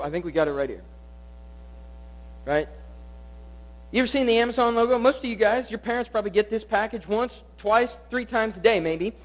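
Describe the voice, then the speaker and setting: A man giving a youth group sermon, swinging from rising, pleading peaks to hushed, quiet drops, in a poor-quality recording. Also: sits high. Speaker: youth pastor.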